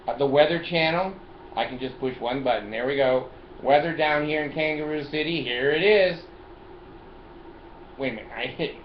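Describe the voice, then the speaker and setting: An older male video host vlogs casually from his car, showing off his phone and car gadgets. His fairly high voice moves at normal speed, and he's chatty and jokey, laughs often and uses salty language. The recording sounds roomy, muffled and dull lo-fi with faint noise.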